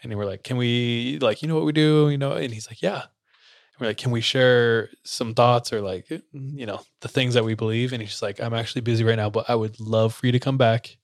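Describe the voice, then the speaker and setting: A man's voice: mid-range voice, fairly even intonation, fairly quick, dry recording. Young man telling a story, very dry sound. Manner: loose, laughing, acts out quotes. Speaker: podcast co-host. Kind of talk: casual storytelling chat.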